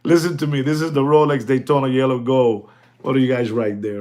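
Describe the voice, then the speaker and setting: A man hosting a casual watch sales talk, rambling and repetitive, often addressing "ladies and gentlemen" and laughing as he goes. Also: medium pitch, steady tone, normal speed.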